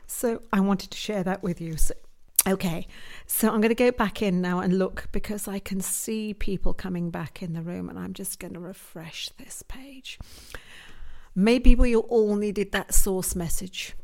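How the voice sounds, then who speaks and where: A woman's voice: mid-range voice, unhurried, darkish tone. A woman giving tarot card readings on a live stream, earnest and musing, with hesitant restarts as she answers viewer comments. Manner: reads viewer comments aloud and answers them.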